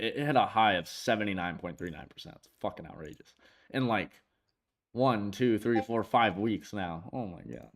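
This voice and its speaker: A man hosting a casual trading stream, excitable, swearing freely and laughing often. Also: fairly low pitch, moderate pace. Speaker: stream host.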